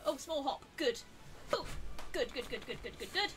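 High-voiced woman streaming a game. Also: lively intonation, moderate pace. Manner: chatty, talks to the game, flusters into high squeals. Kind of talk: live gameplay commentary.

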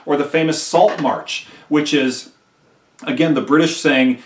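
A man's voice: on the high side, fairly even intonation, a little slow, roomy sound, distant mic. A male history teacher giving a conversational recorded lecture, who often checks in with "right?" and acts out quotes emphatically.

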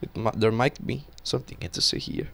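A young man giving casual, excitable commentary while playing a game, swearing and talking to himself. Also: medium pitch, fast, creaky. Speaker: gaming channel host.

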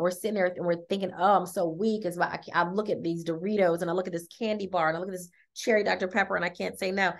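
A woman, giving an upbeat, chatty sales talk and often checking in with her listeners. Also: lowish voice. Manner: chatty, upbeat, says "y'all" and "okay?" often. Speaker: wellness product presenter.

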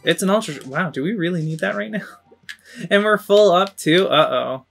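A game streamer giving casual, laid-back play-by-play commentary in quiet asides. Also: medium pitch, expressive, moderate pace, vocal fry, faint music behind.

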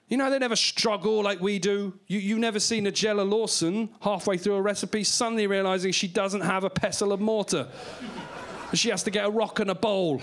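A man's voice: sits high, moderate pace, a bit bright. A man with an English accent doing live stand-up comedy in a small club, playful and silly, slipping into goofy character voices. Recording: live club recording with audience. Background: audience laughter.

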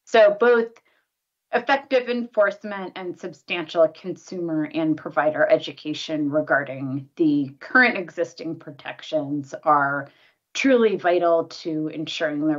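A woman reading a prepared statement in a formal, measured way as an advocate testifying at a public hearing. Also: sits low, dull audio.

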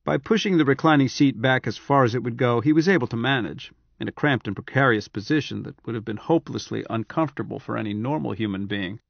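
A man narrating an audiobook in a steady, even-handed reading voice. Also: mid-range voice, quick pace, gravelly, few pauses, no echo. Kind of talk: scripted narration. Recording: dry, slightly dull audiobook recording.

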